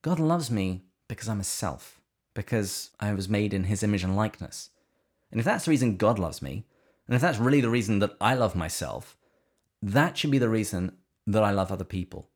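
A man with a notably deep, low voice speaks in a relaxed, conversational way on a podcast. He talks about faith in an earnest, reflective manner. Now and then he slips in some dry humor. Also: a little fast. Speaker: podcast co-host.

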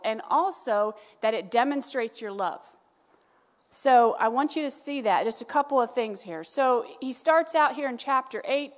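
A woman preaching a sermon in a church, animated and rising to emphatic peaks. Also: a little high. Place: church sanctuary. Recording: long reverb of a large hall.

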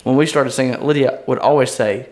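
A man's voice: mid-range voice, steady tone, fast, darkish tone. A man, chatting and telling jokey stories as a podcast co-host. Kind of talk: casual chat.

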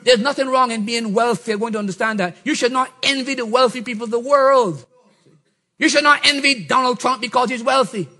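A middle-aged man preaching a sermon, swinging from shouts to low murmurs. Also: a little fast. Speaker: pastor.

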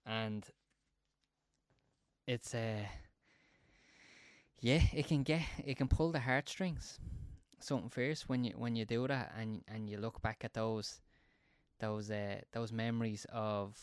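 A man in a casual podcast chat, relaxed and supportive. His voice is smooth and clear, with a dry, close sound. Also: on the low side, slow, no echo. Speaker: podcast co-host.

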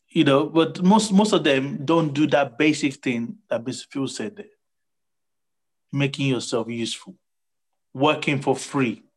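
A man in casual motivational chat, animated, acting out quotes and laughing often. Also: on the high side, rough recording.

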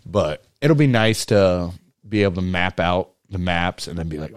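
A man's voice: low voice, moderate pace, no echo, studio quality. A man co-hosting a podcast in casual chat, blunt and joking, laughing often and trailing off with fillers. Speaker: podcast co-host.

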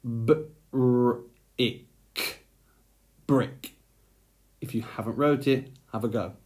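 A man's voice: medium pitch, unhurried, a little mellow. A man teaching a phonics lesson to young children, speaking patiently and sounding out letters one by one.

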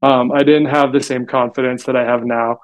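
A man's voice: medium pitch, flat delivery, moderate pace. A man as a podcast guest, telling stories in a casual, chatty way and filling gaps with "like". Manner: chatty storytelling, frequent "like" fillers. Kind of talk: casual interview talk.

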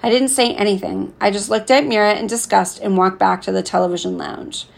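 A woman narrating a novel chapter as an audiobook, with a gravelly edge and voicing the dialogue herself. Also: mid-range voice, steady tone, fairly quick. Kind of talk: scripted narration.

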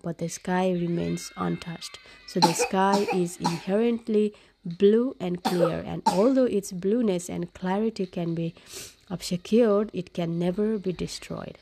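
A woman's voice: fairly low pitch, vocal fry, warm tone. A woman who is sick with a cough, casually reading from a web page and explaining it in plain words, as a parent and vlogger.

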